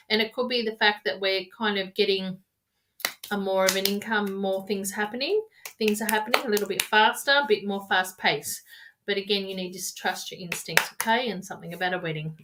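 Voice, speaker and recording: A woman's voice: medium pitch, noisy background. Rambling woman doing live tarot readings. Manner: rambling, repetitive, affectionate. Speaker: tarot reader. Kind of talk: live-streamed psychic reading.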